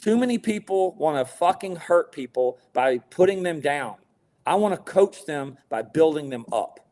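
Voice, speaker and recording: Male podcast guest, business owner type, pitched a bit high, blunt and profane, talks with force. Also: lively intonation, normal speed, darkish tone. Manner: blunt, emphatic, swears freely. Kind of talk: casual podcast interview.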